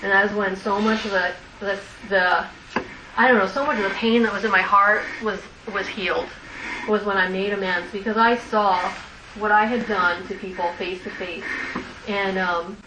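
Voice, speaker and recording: A woman's voice: mid-range voice, steady tone, normal speed. A woman candidly sharing a personal recovery story with a group, rambling, laughing often and using many fillers. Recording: echoey room, distant mic, noisy.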